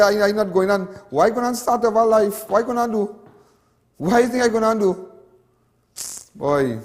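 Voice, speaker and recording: At a moderate pace broken by long pauses, a high-voiced TV host from Trinidad and Tobago gives an emotional, rambling on-air monologue. It's packed with repetition and local slang, and the sound carries the echo of a large hall.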